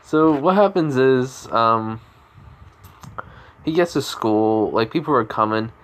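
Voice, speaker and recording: A man improvises a fan-fiction story in a loose, rambling style. He keeps restarting and correcting himself as he goes, in a voice of ordinary pitch for a man. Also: animated, takes it slowly, low-quality recording.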